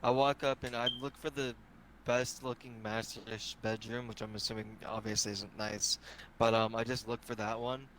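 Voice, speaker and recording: A man's voice: lowish voice, flat delivery, moderate pace, fairly bright tone, low-quality recording. Man at the game table, eager, rambling, light hiss behind. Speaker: player. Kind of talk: casual tabletop play.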